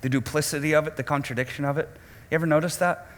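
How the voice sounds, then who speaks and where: A male lead pastor preaching a sermon to his congregation, dramatic, swinging between loud emphasis and hushed lows and putting direct questions to the room. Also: steady tone, very fast, in a large hall. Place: church auditorium.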